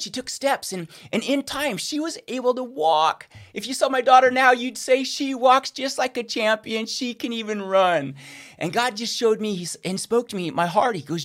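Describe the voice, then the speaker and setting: A man's voice: sits high, a little fast. A middle-aged man preaching a sermon, telling a personal story and acting out the voices he quotes. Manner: animated, acts out quoted voices.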